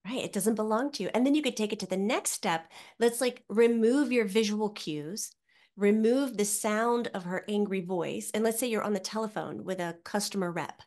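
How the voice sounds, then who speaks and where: A woman speaks in a relaxed podcast conversation. She explains things step by step like a teacher, with an animated delivery, at a middling pitch. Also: moderate pace. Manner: animated, teaching tone, acts out quoted voices. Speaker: psychic medium guest. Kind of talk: casual podcast chat.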